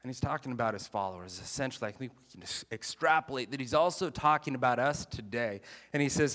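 A man preaching a sermon in a chatty, animated way, mixing jokes and scripture. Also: medium pitch, quick pace, hardly any pauses, big-room sound. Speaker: pastor.

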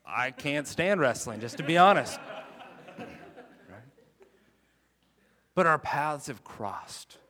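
A man preaching a sermon in a chatty, animated way, mixing jokes and scripture. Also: on the high side, takes it slowly, long pauses, in a large hall. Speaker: pastor.

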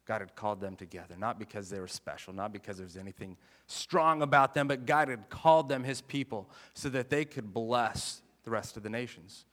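A man preaching a sermon in a chatty, animated way, mixing jokes and scripture. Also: on the low side, a little fast, few pauses, long reverb tail. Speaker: pastor.

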